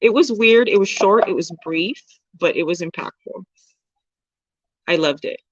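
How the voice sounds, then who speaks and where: A woman's voice: mid-range voice, unhurried, no echo, dull audio. Candid, laughing woman livestreamer. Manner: candid, swears casually, laughs often. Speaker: livestream host. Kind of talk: casual livestream chat reading comments.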